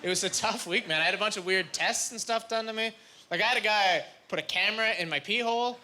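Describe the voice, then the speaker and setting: A man from Canada doing stand-up comedy, rambling through self-deprecating stories with quick asides, recorded live. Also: sits high. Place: comedy stage before a live audience. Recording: live club recording with loud crowd.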